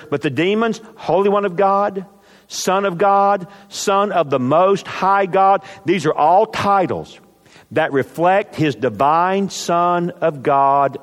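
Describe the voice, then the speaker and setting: A man preaching a sermon as pastor, speaking emphatically and rising to forceful commands. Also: on the high side, big-room sound.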